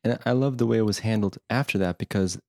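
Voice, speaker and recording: A man's voice: on the low side, fast talker, a little mellow, no echo, studio quality. A man co-hosting a podcast, talking about a film in a hesitant, casual way with many fillers. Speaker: podcast co-host. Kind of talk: casual movie discussion.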